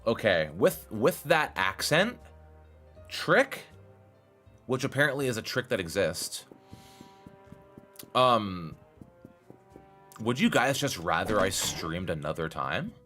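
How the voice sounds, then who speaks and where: Faint music plays behind a young man streaming a game live, who chats with viewers and swings from low mumbling to excited shouts. He speaks slowly, with frequent pauses.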